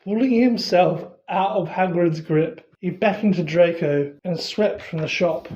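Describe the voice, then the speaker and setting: Storybook narrator, does character voices, mellow tone, muffled lo-fi sound. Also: unhurried. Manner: shifts pitch for quoted characters. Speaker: audiobook reader.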